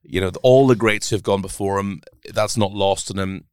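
A man's voice: on the low side, fairly even intonation, normal speed, clean tone, no echo, clean studio sound. A man co-hosting a sports podcast, chatting in a teasing, jokey way. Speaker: podcast co-host, sports reporter. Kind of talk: casual podcast chat.

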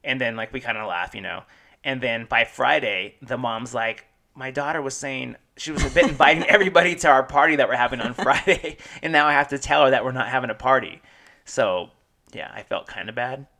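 A fast-talking man in his thirties with a gravelly, bright edge, chatting casually as a podcast co-host. He jokes his way through stories and acts out other people's lines. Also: medium pitch. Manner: joking storyteller, acts out quotes. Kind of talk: casual chat.

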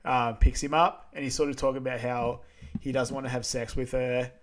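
A relaxed man co-hosting a casual podcast chat. He speaks at a middle pitch, laughs along easily, and fills his pauses with lots of "um"s and "yeah"s. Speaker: podcast co-host.

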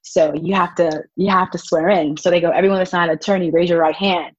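Animated young woman with a husky voice. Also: fairly low pitch, quick pace, no echo, dull audio. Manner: animated, acts out quotes with laughs. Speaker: guest, volunteer child advocate. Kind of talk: casual interview storytelling.

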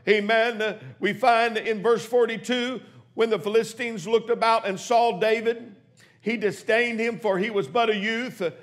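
A man's voice: high voice, steady tone, normal speed. A man pastor, preaching a sermon to a congregation and calling out to them, in a church sanctuary. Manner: preaching with rising shouts and calls to the congregation.

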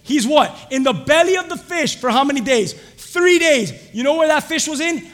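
A young adult man preaching a sermon, quizzing the congregation with fill-in-the-blank questions and rising to shouts. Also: extremely high pitch, animated, moderate pace, long reverb tail. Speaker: pastor.

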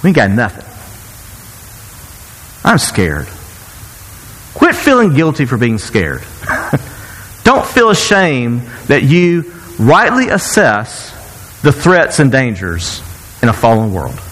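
A man preaching a sermon, joking and sarcastic, who jumps up in pitch when he acts out the people's cries. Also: takes it slowly, long pauses, big-room sound, low-quality recording. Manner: animated, jumps high to act out quoted cries. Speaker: pastor.

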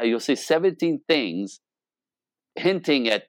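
A man's voice: lowish voice, animated, moderate pace, dry recording, clean studio sound. A middle-aged man coaching on relationships in casual talk, acting out quoted dialogue with playful exaggeration and swearing freely.

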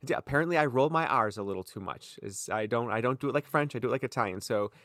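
A man's voice: mid-range voice, fast, no room sound, clean studio sound. A man co-hosting a podcast, chatting casually and joking at his own expense. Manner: animated, jokey, self-mocking. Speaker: podcast co-host. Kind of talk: casual chat.

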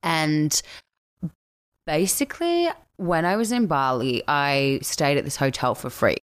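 Low-pitched, clear, and resonant, this Australian woman in her thirties speaks unhurriedly. She's a podcast guest chatting casually, telling stories candidly and with animation.

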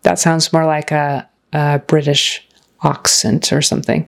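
Lady tutor, lowish voice, slow and patient, says phrases over and over. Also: level tone, creaky. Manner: patient, explains slowly, models phrases aloud. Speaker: accent and grammar coach. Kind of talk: reviewing a student's recording.

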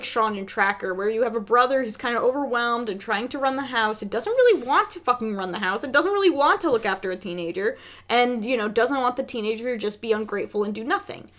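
Woman, podcast co-host, casual movie chat, sweary, rambling, higher voice. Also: animated, fast, a bit bright.

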